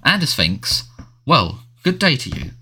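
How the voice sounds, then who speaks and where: A man voicing a flustered middle-aged male wizard official who talks in a brisk, dismissive way. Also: medium pitch, very animated, sharp tone, a little hiss or hum, voice pushed up, exaggerated voice. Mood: brisk, fussy.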